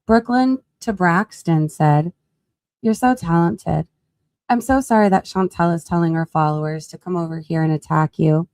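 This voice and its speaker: A woman's voice: lowish voice, moderate pace, a little mellow, no echo. A woman chatting casually on a live gossip stream, scrolling and laughing as she talks to her chat. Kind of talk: casual commentary while scrolling.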